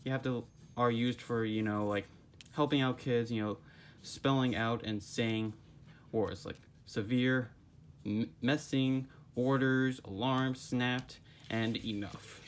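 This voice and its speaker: A man's voice: medium pitch, steady tone, slow, slight background noise. A man in his twenties giving a casual, rambling book review, recorded on a phone. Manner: rambling, full of fillers.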